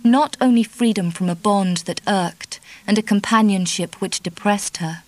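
A woman narrating a novel in a measured, even reading style. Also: mid-range voice, dry recording, rough recording. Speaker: audiobook narrator. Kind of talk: scripted narration.

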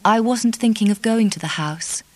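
A woman voicing a reserved, guarded young woman who speaks in a quiet, hushed way. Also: medium pitch, normal speed, dry recording, lightly acted.

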